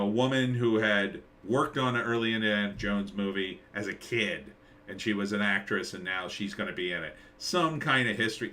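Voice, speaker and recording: A man's voice: lowish voice, pushed and bright. A middle-aged man hosting a live stream, rambling sarcastically and reading out chat comments. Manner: rambling, sarcastic, reads chat names aloud.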